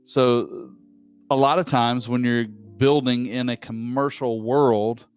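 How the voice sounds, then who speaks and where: A man hosting a casual chat, joking around and reading out a listener's question slowly with many pauses. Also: medium pitch, steady tone, clean tone, faint music behind. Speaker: host.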